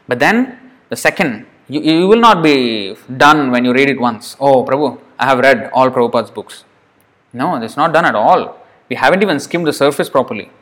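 A man's voice: a little high, fairly bright tone. A man teaching a devotional scripture class in a slightly raised voice. He speaks earnestly and often says a word twice to drive the point home. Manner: earnest, repeats words for emphasis. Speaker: lecturer.

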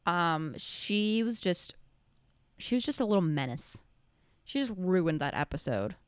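Woman vlogger, lowish smooth voice, dry close sound, rambling and foul-mouthed. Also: no room sound. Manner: rambling, blunt and profane, laughs often. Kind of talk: casual tier-list commentary.

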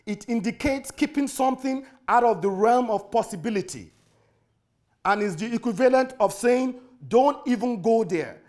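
A man's voice: extremely high pitch, normal speed. A man preaching a sermon, emphatic, hammering key words by repetition and spelling terms out letter by letter.

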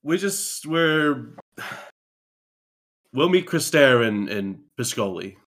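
A man's voice: medium pitch, very animated, drawn-out words, a bit bright. A man chatting and laughing as a player at a tabletop game, describing his character's actions. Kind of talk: casual game-table chat.

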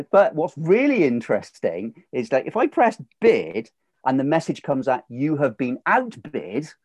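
Man, casual podcast talk, lively and expressive, dry close-mic sound. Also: on the high side, measured pace, dry recording. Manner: animated, acts out quoted voices, laughs often. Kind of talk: casual conversation.

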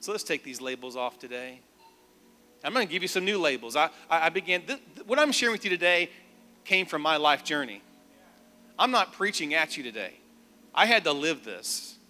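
A man preaching a sermon, telling a personal story and leading declarations in an animated, emphatic way. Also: a little high, fairly quick. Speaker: pastor. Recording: long hall reverb.

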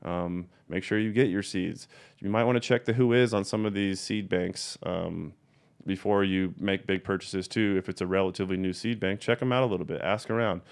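A man's voice: low-pitched, steady tone, normal speed, vocal fry. A young adult man who breeds cannabis, giving a blunt, profane and heated rant in a casual video monologue, repeating his points for emphasis.

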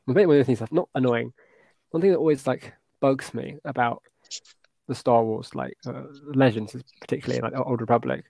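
A man's voice: medium pitch, fairly quick, gravelly, a little mellow, dry recording. A man co-hosting a casual podcast, rambling through his thoughts with lots of restarts and fillers. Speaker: podcast co-host.

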